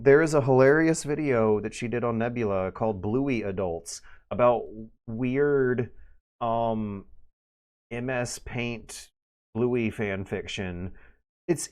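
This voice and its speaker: A man in his thirties chatting casually on a livestream, rambling with many restarts and fillers and sudden louder bursts. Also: mid-range voice. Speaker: streamer.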